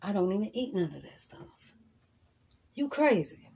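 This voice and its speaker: A woman's voice: medium pitch, very animated, normal speed, creaky, dark tone, breathy edge. A woman giving an emphatic, profane motivational monologue as a vlogger, repeating lines for emphasis.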